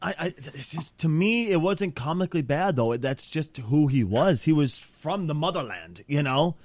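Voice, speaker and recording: Man, podcast co-host, casual chat, emphatic, swears, restarts, fairly high pitch. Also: animated, normal speed, a little mellow, no room sound. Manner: emphatic, swears, stumbles over words.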